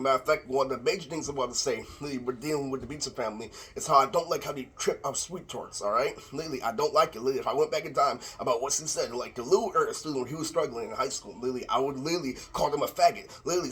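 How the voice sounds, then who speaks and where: Fast-talking husky man ranting. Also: on the high side, fairly bright tone. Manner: rambling, profane, repeats "literally" constantly. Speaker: vlogger. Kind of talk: ranting monologue to camera. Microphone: laptop microphone.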